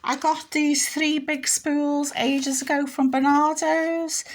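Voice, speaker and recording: A middle-aged woman from England with a slightly high voice. She chats casually to her viewers, rambling and homely as she walks about her house. She holds the camera in her hand while she talks. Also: flat delivery, slow pace. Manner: chatty, rambling, homely, shows things off while walking around. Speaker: vlogger. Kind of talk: casual home vlog chat. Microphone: handheld camera.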